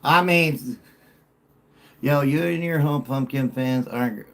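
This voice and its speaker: A middle-aged man hosting a casual sports talk show, animated and joking as he banters with callers. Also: mid-range voice, slow.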